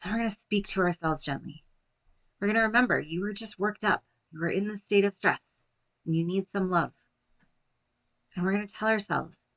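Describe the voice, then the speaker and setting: A woman in her thirties hosting a solo podcast as a life coach, speaking gently and reassuringly. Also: on the low side. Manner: gentle, reassuring, softly spoken at times.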